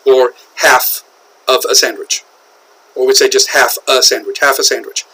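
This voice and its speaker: A man with an American accent teaching English usage, explaining slowly and repeating key phrases, often checking in with "okay?". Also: medium pitch, steady tone, pushed and bright, husky, rough recording. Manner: slow, repetitive explaining with frequent "okay?" checks. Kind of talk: classroom lecture on English usage.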